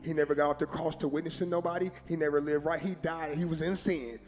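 A pastor preaches to his congregation in a colloquial, direct way. His voice sits a little high, and he acts out quotes with sudden loud bursts. The sound rings in a long hall reverb with faint music beneath. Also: steady tone, fast. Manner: preaching with dramatic voiced quotes and rising emphasis. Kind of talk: sermon. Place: church sanctuary.

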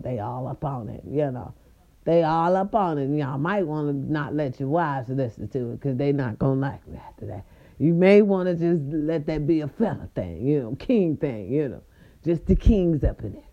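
A woman hosting a podcast, telling a story in a casual, sassy way and swooping her voice up high for emphasis. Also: lo-fi sound. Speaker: podcast host.

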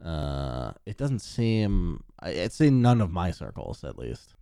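A man chatting casually about gaming, laid-back and quick to laugh, swearing now and then. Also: low-pitched, sing-song, vocal fry, dark tone, clean tone, no echo, clean studio sound.

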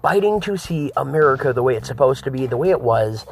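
A man's voice: medium pitch, animated, quick pace, gravelly. A man hosting a political talk show, ranting to his viewers in a preachy way and calling them folks and guys.

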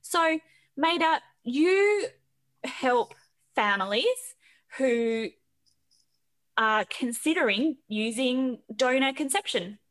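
A woman's voice: sits high, expressive, slow pace, long pauses. A woman hosting an interview podcast, blunt and swearing freely. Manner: blunt straight shooter who swears freely. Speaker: podcast host. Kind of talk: scripted intro then casual interview chat.

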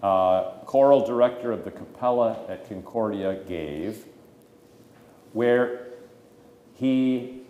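A man's voice: lowish voice, a little mellow, slight background noise. A pastor teaching the catechism to his congregation, stressing key words for emphasis and breaking off for folksy asides. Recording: echoey hall with long reverb.

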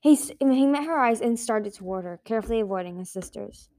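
A woman's voice: a little high, lively intonation, fairly quick, dark tone. A woman reading a fantasy book aloud for her own amateur audiobook, in an earnest, plain way. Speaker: audiobook reader.

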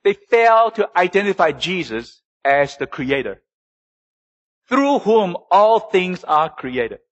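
A pastor preaching a sermon, a man with a slightly higher than usual voice. He keeps asking his listeners rhetorical questions and answers them himself. His voice swings from low, quiet statements to raised, emphatic ones. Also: big pitch swings, takes it slowly, muffled recording. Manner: preaching with rhetorical questions and sudden rises and drops in pitch.

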